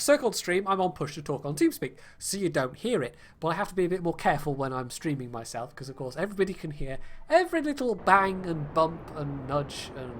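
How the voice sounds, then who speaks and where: A man's voice: a little high, a bit bright, a little hiss or hum. A British man casually talking through a game on a livestream, rambling with lots of fillers and wry, self-deprecating jokes. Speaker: game streamer. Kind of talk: casual livestream gameplay commentary.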